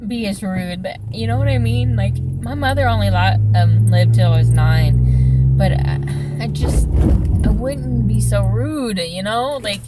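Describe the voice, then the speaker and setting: A woman's voice: medium pitch, wildly swooping pitch, unhurried, loud music behind the voice, poor audio. A middle-aged woman talking casually and emotionally from her car, rambling with many fillers and restarts. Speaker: vlogger. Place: parked car.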